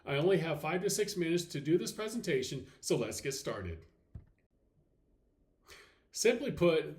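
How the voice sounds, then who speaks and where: A man teaching a recorded slide lesson, explaining step by step, checking in with "okay" and saying example words slowly and deliberately. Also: on the high side, a little mellow. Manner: clear step-by-step explaining with frequent okays. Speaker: Latin teacher.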